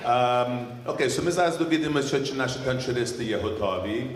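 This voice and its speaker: A playful, chatty male emcee announcing a show and spinning a joke. His mid-pitched voice comes from a distance and booms around a reverberant hall. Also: brisk. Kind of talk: stage announcing and joke telling. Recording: echoey hall through PA from far off.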